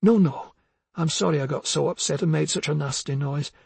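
A man's voice: a little fast, vocal fry, a little mellow, slightly rough, dry recording, exaggerated voice. A man reading an audiobook, voicing a distraught, manipulative woman with pleading, broken cries. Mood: contrite. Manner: wailing, pleading, high and broken. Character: distraught middle-aged woman, wild, manipulative.

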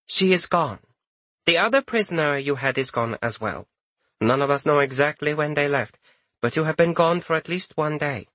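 A man's voice: fairly high pitch, animated, normal speed, a bit bright, no room sound, voice pushed up. A man voicing a composed, professionally detached woman, a mother, in a raised voice. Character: noblewoman, calm, professionally detached.

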